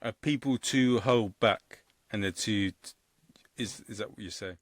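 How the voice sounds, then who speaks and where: A man's voice: lowish voice, measured pace. A man hosting a podcast interview, chatting casually and asking curious questions, often repeating his words as he starts. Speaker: podcast host.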